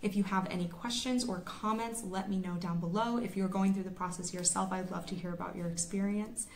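A woman's voice: medium pitch, fairly even intonation, a little fast. A woman in her twenties from the United States, a medical student vlogger giving a chatty, casual explanation to camera.

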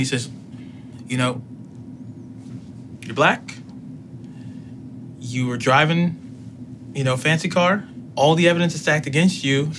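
A man telling a personal story in casual talk, acting out both sides of the dialogue with lively emotion. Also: on the high side, background noise. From United States. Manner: animated retelling, acts out both sides of dialogue. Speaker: podcast guest.

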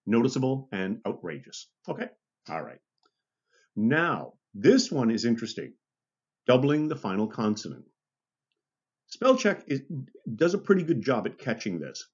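A man's voice: mid-range voice, husky, dull audio. A man teaching a university lecture, chatty and checking in with "okay?" and "right?", often restarting and correcting himself. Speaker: university instructor. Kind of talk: recorded online lecture.

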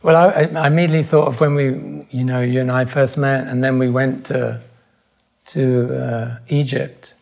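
An older man, a podcast guest speaking thoughtfully in reflective conversation, pausing and restarting his sentences. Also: medium pitch, steady tone, vocal fry, darkish tone. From England.

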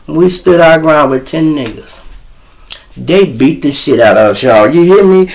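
A man's voice: a little high, expressive, a little slow, vocal fry, a little mellow, a little hiss or hum, rough recording. A middle-aged man, the host, telling street stories in a casual, profane monologue aimed straight at his viewers. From Chicago. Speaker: storyteller host.

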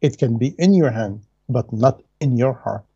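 A man's voice: medium pitch, moderate pace, dark tone, slightly rough, muffled recording. A man giving a religious lecture in non-native English, earnest and emphatic, repeating his key phrases. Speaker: Islamic lecturer.

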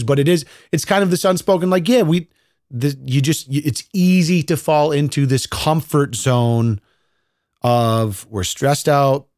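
A man's voice: fairly high pitch, darkish tone, no echo, clean studio sound. A man in his thirties hosting a podcast, talking through a casual solo monologue in a blunt, profane, conversational way. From United States. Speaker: podcast host.

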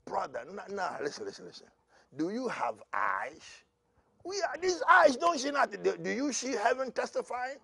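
A man preaching a prophetic sermon as pastor, dropping to a murmur and then rising to loud shouts, with laughs between lines. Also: very high voice, very animated, normal speed, gravelly, slightly rough.

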